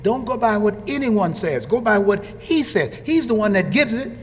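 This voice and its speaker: A man preaching an animated sermon, swinging from low quiet asides to high shouted lines and acting out quoted voices. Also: moderate pace, slight background noise. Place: church. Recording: long hall reverb.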